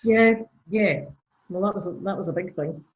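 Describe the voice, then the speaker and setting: A woman's voice: on the low side, moderate pace, dull audio. A woman with a Scottish accent, a church minister chatting casually as a podcast guest, with lots of fillers. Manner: chatty, frequent fillers and laughs.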